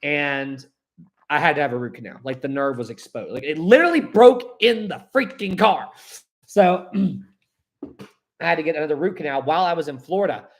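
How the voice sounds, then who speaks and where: A young man talks through a casual live stream, reading out chat comments in a rambling, easygoing way. His voice sits a little on the high side, and he laughs often between thoughts. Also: lively intonation, moderate pace.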